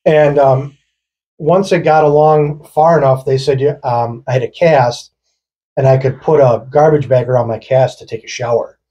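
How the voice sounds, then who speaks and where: Man, husky, mellow, casual swearing storyteller. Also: medium pitch, steady tone, normal speed, lo-fi sound. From rural Wisconsin. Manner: loose, profane, laughing through his story. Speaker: podcast co-host. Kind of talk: casual storytelling among friends.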